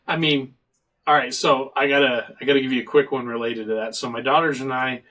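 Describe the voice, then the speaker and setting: A man's voice: mid-range voice, fairly even intonation, fairly quick, pushed and bright, recorded from a distance, rough recording. Joking man host on a video call. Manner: rambling, joking storyteller. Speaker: show host. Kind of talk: casual podcast chat.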